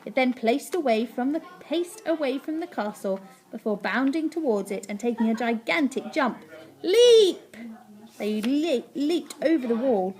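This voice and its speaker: A woman teacher reading a story aloud to her class, animated and playful, with sound effects. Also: on the high side, moderate pace, few pauses.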